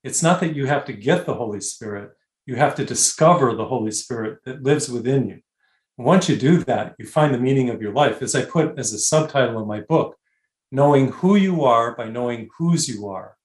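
A man sharing a spiritual experience in an interview, earnest and emphatic, slowing down on key words and trailing off softly. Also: medium pitch, animated, reverberant. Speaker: guest author. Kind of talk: conversational interview, spiritual testimony.

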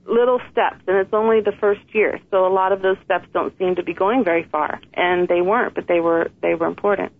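A woman's voice: fairly low pitch, fairly even intonation, a little fast, hardly any pauses. A woman author talking earnestly and reflectively in an interview. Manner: earnest, reflective, laughs softly. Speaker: author and guest. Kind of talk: interview conversation. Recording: tinny phone line with faint hiss.

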